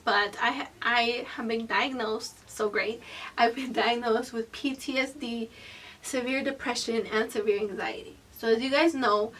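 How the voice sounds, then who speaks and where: Woman, 20s, high-pitched, slightly off-mic, blunt and expressive storytime narration. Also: far from the mic. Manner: animated, profane, candid storytelling; swings between loud bursts and hushed whispered asides. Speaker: vlogger. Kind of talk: storytime vlog.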